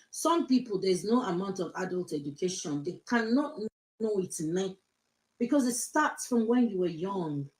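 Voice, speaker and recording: A woman's voice: medium pitch, echoey room, low-quality recording. A woman from Nigeria with an accent mixing Nigerian, British and American, talking casually on a live stream, emphatic and repeating her advice, slipping into Yoruba phrases. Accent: mixed Nigerian, British and American. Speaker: social media live host.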